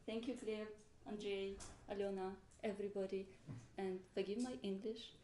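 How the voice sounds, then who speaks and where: Sharing her story with the gathered seminar group, the woman stays animated, laughing and voicing the people she quotes in a mid-range voice at a moderate pace. The monastery hall sounds echoey, with faint background noise.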